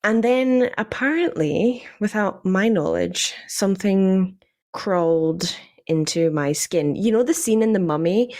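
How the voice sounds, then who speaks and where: A young Scottish woman telling lively stories about her tabletop game characters in casual chat, laughing often. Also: mid-range voice, a little slow. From Scotland. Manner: animated, laughs often, many fillers. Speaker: podcast guest, D&D player.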